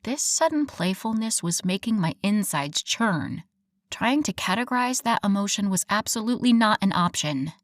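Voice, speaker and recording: A woman narrating a first-person romance audiobook in an expressive, wry storytelling manner. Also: medium pitch, normal speed, no room sound, studio quality.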